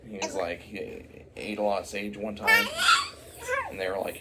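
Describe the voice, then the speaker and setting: A man's voice: sits low, level tone, normal speed, very noisy. A man improvising a silly story, rambling with many fillers and asides.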